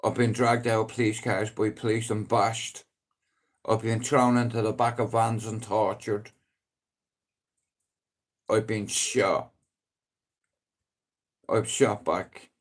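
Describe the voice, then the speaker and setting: A middle-aged man with a Dublin accent rambling on a casual live stream, swearing freely and breaking into loud emphatic outbursts. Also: fairly low pitch, level tone, slow, pauses often. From Ireland.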